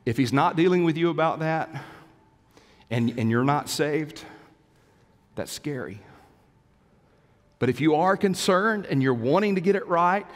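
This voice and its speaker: A male pastor preaching a sermon earnestly, moving between urgent appeals and quiet prayer, recorded on a microphone in a church sanctuary. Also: fairly high pitch, animated, unhurried, pauses often. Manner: earnest, rising to urgent pleas, then hushed prayer. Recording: long church hall reverb.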